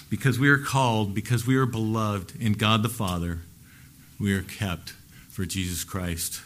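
A male pastor preaching a Sunday sermon, earnest, lifting his voice for emphasis and letting phrase ends fall soft. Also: medium pitch.

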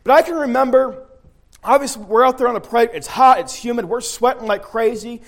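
A man's voice: extremely high pitch, brisk, fairly bright tone. A man preaching a sermon, telling an army story in a folksy way, often repeating and restarting his phrases.

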